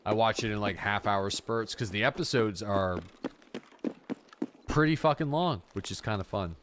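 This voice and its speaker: A man's voice: lowish voice, moderate pace, background noise. A man from the Canadian Maritimes, a game streamer rambling in laid-back casual chat while playing, swearing freely.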